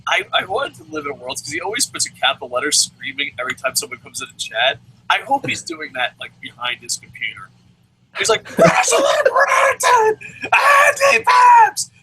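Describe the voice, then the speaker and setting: Man, co-host, casual podcast chat, very bright tone, lively pitch, profane, rambling, laughs a lot, faint background noise. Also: rough recording. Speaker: wrestling show co-host.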